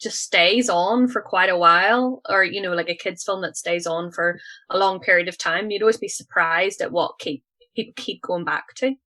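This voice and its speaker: Bright-voiced woman in frank chat. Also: fairly low pitch, normal speed. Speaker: arts centre guest. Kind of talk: casual chat.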